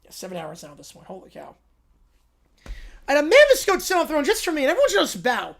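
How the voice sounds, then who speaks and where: A man's voice: extremely high pitch, huge pitch swings, fast talker, vocal fry, a bit bright. A man hosting a casual livestream, reading viewer prompts aloud with amused, sarcastic remarks. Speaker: livestream host. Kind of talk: casual livestream reaction chat.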